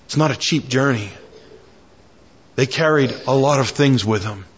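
A man's voice: medium pitch, normal speed, lo-fi sound, slight background noise. A man preaching a sermon, building in fervor through repeated lines and prayers. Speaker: pastor.

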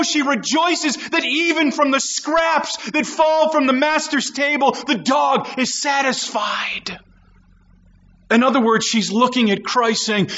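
A man preaching a sermon with passion, swinging from shouts to low, hushed tones. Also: fairly even intonation, slow, muffled recording.

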